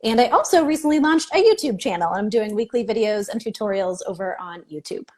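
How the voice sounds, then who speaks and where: A woman guest on a video-call interview, upbeat and clear as she explains how she helps her clients. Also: mid-range voice, expressive, fairly quick, darkish tone. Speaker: business mentor guest. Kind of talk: casual interview chat.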